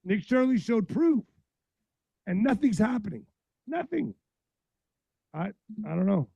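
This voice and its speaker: A man hosting a political podcast livestream, blunt and profane, reading news aloud and ranting, his voice going hoarse. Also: sits high, lively intonation, normal speed, mellow, dry recording, poor audio. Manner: blunt, heated, reads news aloud then rants. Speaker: podcast host.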